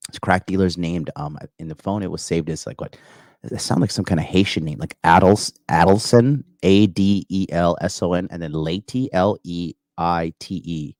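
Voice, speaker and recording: A very low-voiced man in his thirties hosts a call-in livestream, chatting in a loose, rambling way. He swears often and fills his talk with "like" and "you know." The sound is close and dry, with almost no room echo. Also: normal speed, darkish tone. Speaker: call-in show host. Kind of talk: casual livestream chat reading viewer comments.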